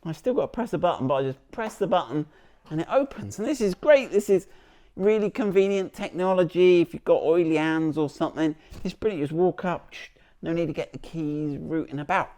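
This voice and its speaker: A man's voice: on the high side, brisk, warm tone. A man presenting a car vlog outdoors beside the vehicle, chatty and jokey, rambling with restarts as he demonstrates.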